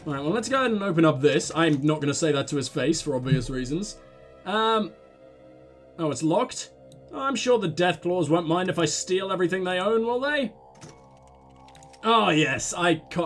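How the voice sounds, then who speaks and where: A man hosting a let's play, commenting excitedly with joking, profane asides. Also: on the high side, fairly quick, soft background music. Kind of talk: gaming commentary.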